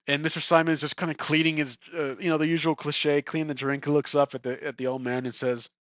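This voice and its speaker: A man's voice: on the high side, fairly even intonation, moderate pace, fairly bright tone, no echo, lo-fi sound. A man thinking aloud as he plays a solo tabletop game, chuckling and correcting himself as he goes. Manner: rambling, chuckling, self-correcting. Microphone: desk microphone.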